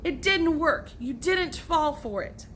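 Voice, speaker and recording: A quarrelsome boy from a storybook who argues at full volume, as a woman reads him aloud. His voice is high and bright. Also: lively intonation, takes it slowly, a little hiss or hum, exaggerated voice. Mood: arguing. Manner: argumentative, yelling. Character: loud argumentative boy sidekick.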